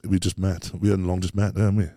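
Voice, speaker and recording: A man's voice: low-pitched, little pitch movement, a little fast, warm tone, dry recording, clean studio sound. A Welsh man telling stories as a podcast guest, rambling and laughing easily, full of British slang. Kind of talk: casual chat.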